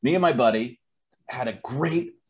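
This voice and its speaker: A man's voice: mid-range voice, normal speed. A man co-hosting a podcast in casual chat, profane and restarting his words as he builds his point. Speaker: podcast co-host.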